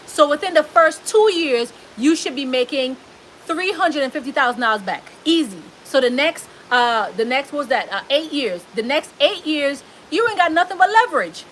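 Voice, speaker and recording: A woman's voice: high-pitched, lively intonation, moderate pace, a bit bright, a little hiss or hum. A woman with a Southern US accent, coaching a live audience on business credit, emphatic and repeating her key points. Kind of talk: live stream Q&A.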